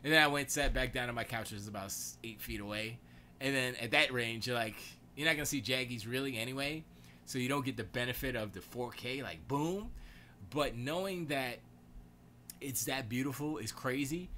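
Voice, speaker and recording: Male stream host, bright and sharp tone, casual slangy banter, faint background hiss. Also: mid-range voice, normal speed. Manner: loose, excitable, slangy rambling. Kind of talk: casual gaming and movie chat. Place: home studio.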